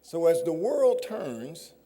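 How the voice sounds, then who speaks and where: A man giving a storytelling speech at an awards ceremony, measured and full of dramatic pauses, on a stage microphone. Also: on the high side, very animated, background noise. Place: large performing arts hall. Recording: long reverb of a large hall.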